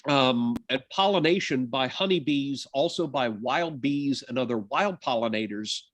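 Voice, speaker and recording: Slow, unhurried man lecturing. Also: mid-range voice, dry recording. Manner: conversational, lots of uh and um, self-deprecating asides. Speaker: college biology lecturer. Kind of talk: university lecture.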